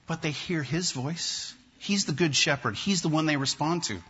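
A male pastor preaching a sermon to his congregation, emphatic and repetitive, with slow deliberate pauses. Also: a little high, bright, forceful tone, husky. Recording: dull lo-fi sermon recording.

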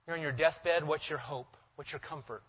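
A male pastor preaching a sermon emphatically, repeating key phrases and dropping to quiet intensity for weight. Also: on the high side, moderate pace, husky, dull audio.

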